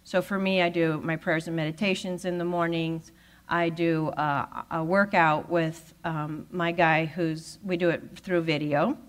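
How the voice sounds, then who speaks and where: A woman giving a talk at a spiritual center, telling a personal story with lively acted-out dialogue. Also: deep voice, unhurried. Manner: animated storyteller who acts out quoted voices. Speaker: guest speaker at a spiritual center.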